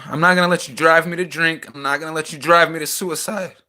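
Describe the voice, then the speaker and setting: A young man in a small house, venting a raw personal rant that swings between heated outbursts and quieter reflection. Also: fairly high pitch, fairly even intonation, fast talker. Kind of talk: emotional personal rant to camera.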